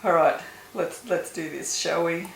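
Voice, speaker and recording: In an echoey room with background noise, a woman making homemade soap talks casually, groaning and cursing at a foul smell. Her lowish voice is unhurried and carries vocal fry.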